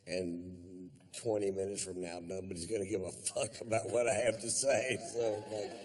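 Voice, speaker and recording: A man's voice: low voice, fairly even intonation, normal speed, noisy background. A male stand-up comedian telling a long story in a laid-back, profane, rambling way.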